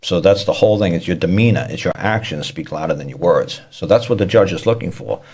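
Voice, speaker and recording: A man's voice: sits low, quick pace, a little mellow, husky. A man talking casually about court matters, rambling and repeating himself, acting out the people he quotes. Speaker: speaker on law and court tactics. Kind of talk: casual explanatory talk.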